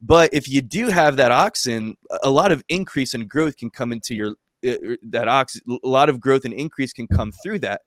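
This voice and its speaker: A man's voice: mid-range voice, normal speed, hardly any pauses, dry recording. A man hosting an interview, reflecting thoughtfully and repeating phrases as he gathers his thoughts. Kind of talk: conversational interview.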